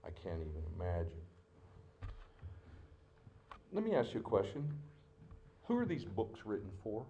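Emotional male preacher, low voice. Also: wildly swooping pitch, a little fast, a little hiss or hum. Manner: emotional, dramatic delivery with sudden loud outbursts and hushed asides. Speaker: pastor. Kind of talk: sermon.

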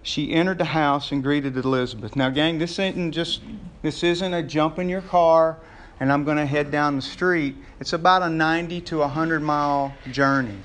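A male pastor giving a sermon with a notably high voice. He talks to the congregation in a folksy, joking way rather than with formal oratory. His delivery stays casual and conversational. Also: fairly bright tone.

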